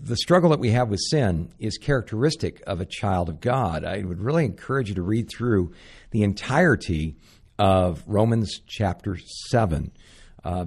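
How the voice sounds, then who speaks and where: A man's voice: fairly low pitch, darkish tone, slightly rough. An older man, a pastor and show host, teaching the Bible in an earnest, conversational way with stories and frequent fillers. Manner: earnest, anecdotal, frequent "uh" and "you know".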